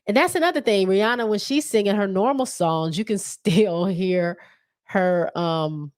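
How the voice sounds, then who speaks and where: A woman hosts a relaxed solo podcast, talking straight to her audience in a loose, rambling way with plenty of ums and little laughs. Her voice sits low for a woman. The sound is dry and close, with no room around it. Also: dry recording. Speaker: podcast host. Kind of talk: casual solo livestream podcast.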